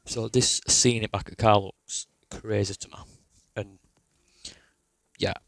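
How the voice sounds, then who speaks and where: Gravelly young man. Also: on the low side, fairly even intonation, a little slow, fairly bright tone, dry recording, low-quality recording. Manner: rambling, sweary, restarts a lot. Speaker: storyteller. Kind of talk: casual personal storytelling.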